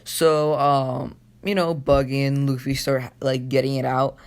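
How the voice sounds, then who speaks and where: A man's voice: medium pitch, little pitch movement, a little slow, clear, resonant tone. A sleepy, yawning man casually retelling a fan story, rambling with lots of fillers.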